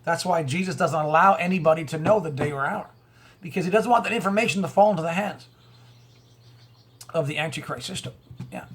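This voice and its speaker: A man's voice: fairly high pitch, a bit bright, husky. A man hosting his own video, delivering a rambling commentary monologue full of rhetorical questions, repeated words and chuckles. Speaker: online video host. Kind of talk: conspiracy and religious commentary monologue.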